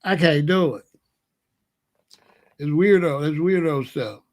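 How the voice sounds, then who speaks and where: Man, host, casual comic rant, rhetorical questions, chuckles, raised pitch. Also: slow pace. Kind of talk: casual comedic monologue.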